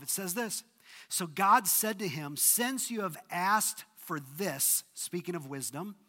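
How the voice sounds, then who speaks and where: A man preaching in a sermon, his voice high and bright. He retells the story with sweeping rises and sudden hushed drops, and long reverb trails after him as in a large hall. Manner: dramatic retelling, voice rises and drops to near whisper. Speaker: pastor.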